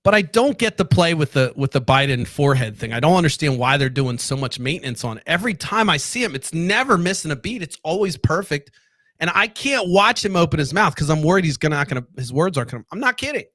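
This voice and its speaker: A sarcastic man rants loosely to his viewers, swearing freely and wandering off on tangents. His voice sits a bit higher than most men's. The sound is close and dry, with no room around it. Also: lively intonation, quick pace, fairly bright tone, dry recording. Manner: profane, rambling, sarcastic. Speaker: political commentary host. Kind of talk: casual solo rant to camera.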